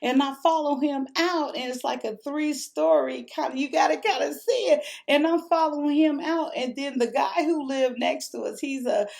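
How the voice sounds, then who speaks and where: A woman vlogger casually telling a rambling story to camera, animated and laughing between lines, drinking while she talks. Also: sits high, normal speed, vocal fry, few pauses.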